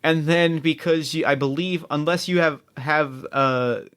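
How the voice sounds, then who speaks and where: A man's voice: fairly high pitch, steady tone, measured pace, fairly bright tone, clear, resonant tone. A man narrating as game master of a tabletop game, rambling, with many restarts and fillers.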